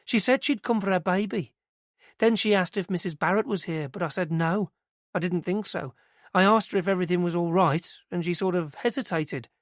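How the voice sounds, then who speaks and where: A woman's voice: lowish voice, a little fast, dry recording, clean studio sound, voice pushed up, lightly acted. A man voicing a young woman who works at a nursery, telling what she saw in a chatty, hesitant, rambling way. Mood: eager recounting. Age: young adult. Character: young British nursery worker, eager, nervous.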